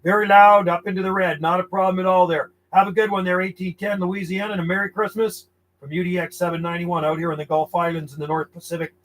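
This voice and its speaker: High-voiced man calling on CB radio. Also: level tone, quick pace, fairly bright tone, a little hiss or hum, poor audio. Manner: friendly, repeats call signs, easygoing chatter. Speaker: CB radio operator. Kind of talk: radio calling with call signs.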